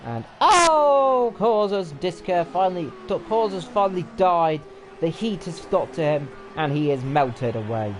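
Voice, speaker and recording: A man's voice: a little high, moderate pace. Chatty man calling a sim race. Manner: chatty, often unsure, corrects himself mid-call. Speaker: race commentator. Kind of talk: live sim racing commentary. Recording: game engine noise loud behind voice. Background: racing game car engines.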